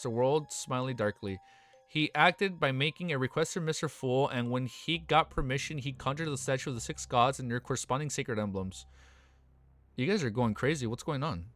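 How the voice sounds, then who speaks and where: A man casually reading a web novel aloud and breaking off into excited, slangy reactions. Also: mid-range voice, fairly quick, faint music behind.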